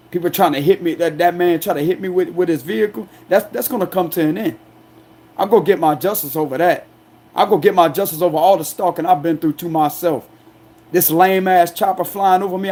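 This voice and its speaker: A man with a high-pitched voice speaking in a fierce, confrontational monologue. He talks with loud aggression and defiance, pressing his points over and over. The delivery is a raw, unscripted rant. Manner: defiant, confrontational, repeats "you understand me". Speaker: astrology tarot reader. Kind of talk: angry ranting monologue.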